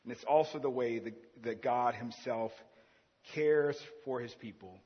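A man in his thirties preaching a sermon, earnest, swinging between loud emphasis and quiet, intimate asides. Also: medium pitch, a little slow, breathy edge, long reverb tail, highs cut off. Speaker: pastor.

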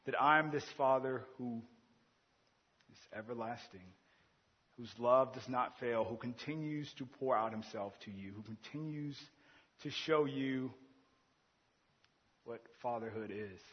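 A man in his thirties preaching a sermon, earnest, swinging between loud emphasis and quiet, intimate asides. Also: mid-range voice, measured pace, long pauses, breathy edge, in a large hall, muffled recording. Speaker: pastor.

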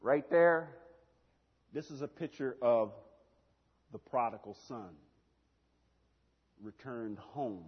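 A man preaching a sermon in a church, swinging between shouting and hushed asides and laughing at his own lines. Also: medium pitch, animated, slow pace, long pauses, slightly rough. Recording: long hall reverb, dull lo-fi sound.

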